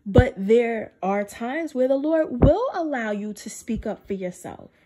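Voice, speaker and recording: Woman sharing her faith to camera; emphatic, repetitive delivery in a somewhat high voice. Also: expressive, a little slow. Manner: emphatic, repeats phrases for stress; drops low and soft to quote God. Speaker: faith video speaker. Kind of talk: spiritual testimony to camera.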